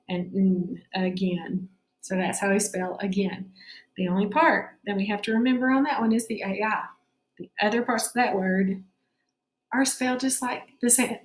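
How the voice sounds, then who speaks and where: Woman teacher, patient spelling lesson for kids, sounds words out slowly, echoey room. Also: mid-range voice.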